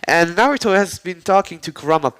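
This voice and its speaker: A man's voice: sits high, animated, fairly quick, fairly bright tone, clean tone, low-quality recording. A man casually retelling a fan-made story, rambling, cursing and full of slang and fillers.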